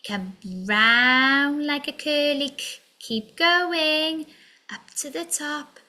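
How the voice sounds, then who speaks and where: A woman's voice: high voice, lively intonation, slow, sharp tone. A woman teaching a children's phonics lesson in a sing-song way, drawing out letter sounds and slipping into whispered asides.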